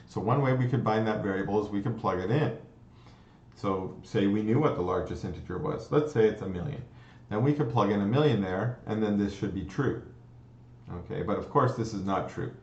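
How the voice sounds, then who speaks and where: A man's voice: on the low side, brisk, a little mellow. A man teaching a computer science lecture, explaining step by step, restarting phrases and checking in with "okay?". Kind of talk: recorded lecture. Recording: dull, roomy lecture recording.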